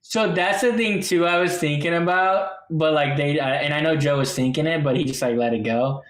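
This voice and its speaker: Male co-host, somewhat high voice, rambling casual talk, roomy echo. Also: a little fast. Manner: rambling, filler-heavy, says "dude" a lot. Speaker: podcast co-host. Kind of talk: casual chat.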